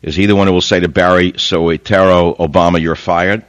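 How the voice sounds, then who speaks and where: A man's voice: fairly even intonation, a little fast, clean tone, no room sound. An older man hosting a talk radio show, delivering a combative, mocking monologue. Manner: combative, mocking, sweeping pitch jumps.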